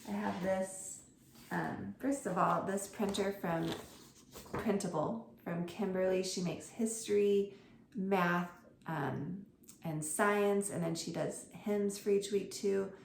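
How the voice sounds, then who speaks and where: A woman's voice: medium pitch, steady tone, slow pace, gravelly, a little hiss or hum. A woman homeschool tutor talking through her lesson plans for other teachers in a chatty, informal way. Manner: chatty, informal, with fillers and self-corrections. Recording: roomy echo with faint ambience.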